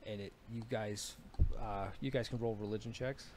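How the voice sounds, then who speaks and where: A man's voice: lowish voice, fairly even intonation, normal speed, noisy background. A man narrating as dungeon master, telling a battle in a casual, profane way with many fillers. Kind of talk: narrating a tabletop game.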